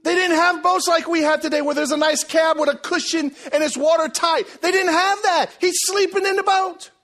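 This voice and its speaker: A man preaching a sermon, telling the story in a lively, joking way and acting out the people in it. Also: very high voice, moderate pace. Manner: animated, jokey storytelling, acts out voices. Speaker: pastor.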